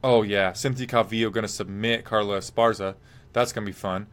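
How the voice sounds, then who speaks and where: A man's voice: on the low side, fairly even intonation, fairly quick, a bit bright. A man hosting a live MMA podcast, talking casually and rambling, reading viewer comments aloud and giving blunt picks. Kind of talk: casual live-stream fight talk.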